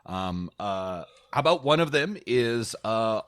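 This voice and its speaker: A man's voice: fairly low pitch, big pitch swings, a bit bright, smooth, no echo, studio quality. Hesitant man, casual podcast banter. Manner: halting, many fillers, jokey. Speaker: podcast co-host. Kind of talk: casual chat planning a tabletop adventure.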